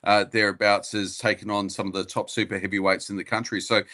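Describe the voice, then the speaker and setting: A man co-hosting a casual interview, asking long questions in a halting way with many fillers. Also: lowish voice, flat delivery, pushed and bright. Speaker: co-host interviewer.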